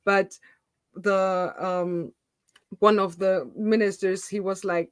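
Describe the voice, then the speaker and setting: Woman, German accent, animated storyteller, casual call chat, dry close sound. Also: medium pitch, slow pace, dry recording. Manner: animated storyteller, laughs often. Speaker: YouTuber host. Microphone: video call.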